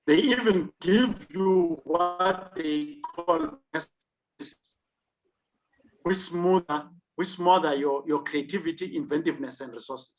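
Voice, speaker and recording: A man's voice: a little high, a bit bright. A South African man giving an online leadership lecture, emphatic, with rhetorical questions. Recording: dull lo-fi recording.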